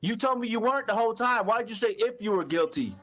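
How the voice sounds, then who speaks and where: A man's voice: very high voice, expressive, quick pace, a bit bright, a little hiss or hum. A middle-aged man on a phone call, angrily accusing a woman of lying, repeating himself and swearing. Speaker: father of the missing boy. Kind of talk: heated phone confrontation.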